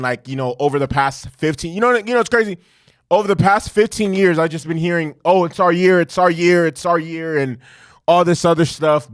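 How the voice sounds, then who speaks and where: A man hosting a casual sports reaction show, talking in an animated, profane way and repeating points for emphasis. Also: fairly high pitch, no echo, studio quality. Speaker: sports commentary host.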